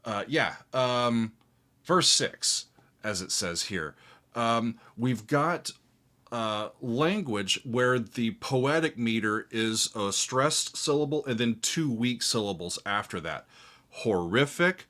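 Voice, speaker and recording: A classical composer hosting a casual reaction show, explaining music theory, counting beats aloud and pausing often with fillers. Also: male voice, mid-range voice, expressive, bright, forceful tone.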